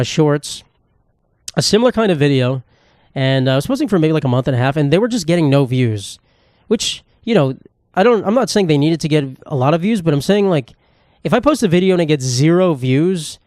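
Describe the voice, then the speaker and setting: A man's voice: a little high, darkish tone, no echo, studio quality. A young man, a comedian hosting his own podcast, rambling casually in a self-deprecating way and swearing freely. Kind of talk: casual solo monologue.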